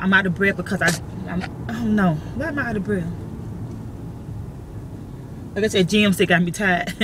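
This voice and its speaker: A woman's voice: a little high, bright, forceful tone, a little hiss or hum. A middle-aged woman giving blunt, preachy life advice in a casual vlog, repeating her points for emphasis.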